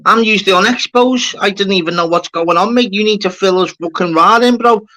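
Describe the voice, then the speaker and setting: A man hosts a live stream in casual chat, hyped and sweary. His voice is high and bright. He calls his viewers lads and mate. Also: a little fast, poor audio. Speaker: livestream host.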